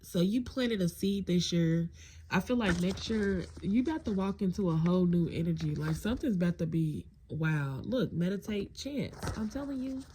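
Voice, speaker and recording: A woman's voice: fairly low pitch, moderate pace, a little hiss or hum. Blunt, profane woman reading tarot. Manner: blunt, profane and animated, addressing viewers as y'all. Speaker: tarot reader. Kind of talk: casual collective tarot reading.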